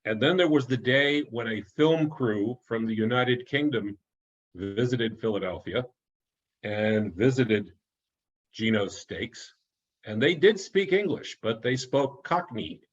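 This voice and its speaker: A man's voice: mid-range voice, lively intonation, a little slow, husky, highs cut off. A man giving an online talk as an author, telling anecdotes in a chatty way, often restarting and chuckling at his own stories.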